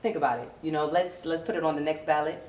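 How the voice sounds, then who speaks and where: A woman from Virginia with a Southern accent performing a brassy, animated stand-up comedy set. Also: fast talker, echoey room, a crowd in the background. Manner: brassy, animated, puts on high posh voices for coworkers.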